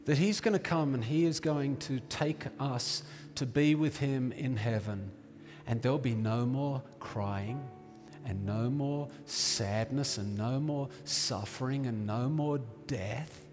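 A man doing a gentle dad. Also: medium pitch, takes it slowly, pitched below the performer's own voice, natural voice. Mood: tender. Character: gentle father reassuring his small daughter. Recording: reverberant hall with faint music.

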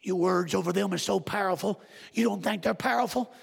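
A man preaches in a high, gravelly voice, telling the story vividly and calling out to his listeners. His husky voice rings through a church with a long reverb. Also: a little fast. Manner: animated storytelling, direct address. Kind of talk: sermon.

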